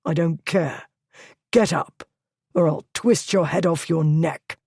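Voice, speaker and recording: Stern duke, read by a narrator, cold, clipped, menacing, slow, dry sound. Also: medium pitch, vocal fry, darkish tone, breathy edge, dry recording, heavily acted.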